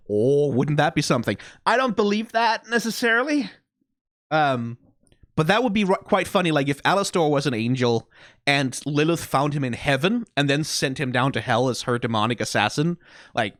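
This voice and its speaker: A man reviewing songs in a casual, chatty way. His pitch is somewhat high and swings widely as he laughs and swears freely, and the recording sounds dry and close. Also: fairly bright tone, no echo. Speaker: song reviewer. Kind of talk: casual commentary.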